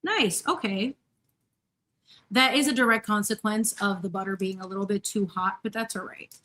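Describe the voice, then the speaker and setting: In a pushed, bright, mid-range voice at normal speed, a woman in her thirties bakes in her home kitchen and chats with her live-stream viewers. She's bubbly and effusive, addressing people by name.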